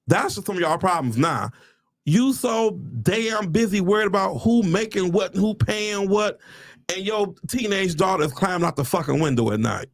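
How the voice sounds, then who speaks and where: A man talks casually to his livestream viewers, calling them y'all. His gravelly voice swings widely in pitch, and he breaks into churchy exclamations. The sound is close and dry. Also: normal speed, no room sound. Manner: animated, preacher-like exclamations, addresses viewers as y'all. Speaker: realtor livestreaming to followers.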